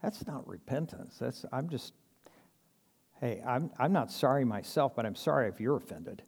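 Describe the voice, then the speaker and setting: A man's voice: mid-range voice, expressive, normal speed, creaky, husky, big-room sound. A man preaching a sermon in a conversational, earnest way, acting out little quoted exchanges and chuckling now and then. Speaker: pastor.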